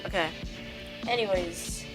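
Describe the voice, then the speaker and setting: Young woman streamer, loose slangy talk to chat over loud game music. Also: fairly low pitch, measured pace. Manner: slangy, rambling, talks to chat. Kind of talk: casual live-stream chat while gaming.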